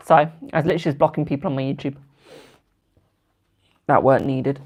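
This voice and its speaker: A man's voice: fairly high pitch, moderate pace. A British man doing tarot readings on a live stream, chatting with viewers and calling them "my darling". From United Kingdom. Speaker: tarot card reader.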